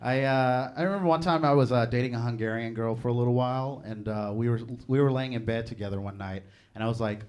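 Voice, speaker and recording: A man's voice: mid-range voice, steady tone, fast talker, a little mellow. A young man performing stand-up comedy, chatty and laughing at his own jokes. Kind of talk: stand-up set.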